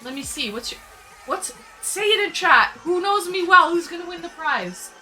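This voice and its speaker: A woman's voice: extremely high pitch, expressive, moderate pace, sharp tone. A woman live-streaming, chatting casually with her viewers, greeting them by name and laughing a lot. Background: faint background music.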